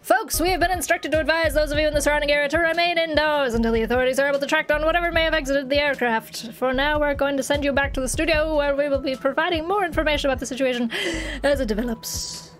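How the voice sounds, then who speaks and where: A woman putting on a hushed, startled male field reporter. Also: high voice, fast, natural voice. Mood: urgent. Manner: hushed, urgent news delivery.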